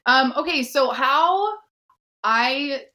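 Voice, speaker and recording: A woman with a husky, gravelly voice, chatting casually with a nervous laugh, then reading her written story aloud. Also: sits high, expressive, very slow, pushed and bright. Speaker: podcast guest.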